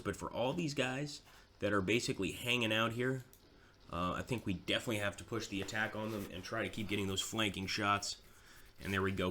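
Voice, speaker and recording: Man, low voice, forceful bright tone, casual game commentary, self-mocking.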